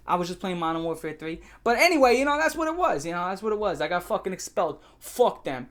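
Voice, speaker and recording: A young man telling a profane storytime rant, brash and boastful, dropping to mutters then shouting. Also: sits high, very animated, fast talker, hardly any pauses. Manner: brash, swearing, boastful, swings between mumbling and shouting. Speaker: YouTuber.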